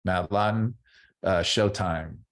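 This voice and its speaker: A man's voice: low-pitched, slow pace. A middle-aged man, a former ballplayer, chatting loosely as a podcast guest, rambling and repeating words as he restarts his sentences. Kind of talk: casual interview chat.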